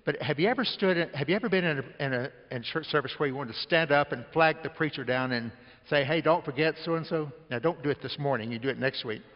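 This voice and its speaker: A man preaching a sermon to a congregation, slowing down to read scripture aloud and leading everyone in reading along. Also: on the high side, long reverb tail, highs cut off. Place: church service.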